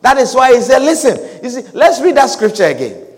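A man preaching a sermon, animated and repetitive, with calls of hallelujah and amen. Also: very high voice, brisk, in a large hall.

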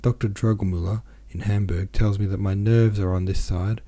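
A man's voice: lowish voice, steady tone, normal speed, dark tone, lightly acted. A man voicing an anxious, self-pitying middle-aged merchant who rambles in a plaintive, restless way, in an audiobook reading. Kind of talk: audiobook character voice.

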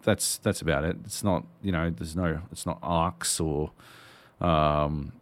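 A man's voice: very deep voice, fairly even intonation, unhurried. A man co-hosting a podcast, talking in a loose, rambling way and swearing freely. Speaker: podcast co-host. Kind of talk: casual chat.

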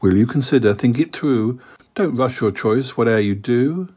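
Man doing a sinister spider tempter, wheedling, persuasive, husky. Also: medium pitch, lively intonation, moderate pace, darkish tone, dull audio. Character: smooth-talking sinister male spider tempter.

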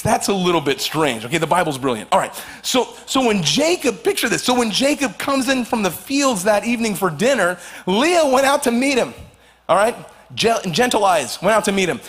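Guy pastor preaching, high voice, lively and joking with the crowd. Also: moderate pace. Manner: animated, playful asides to the congregation. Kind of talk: sermon.

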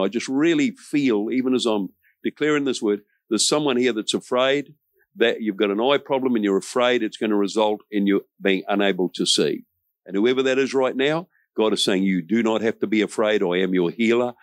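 A man's voice: medium pitch, dry recording. A middle-aged pastor delivers a sermon, earnest and emphatic, slipping in folksy asides. His voice sits in a middle register and is recorded dry and close, with no room sound.

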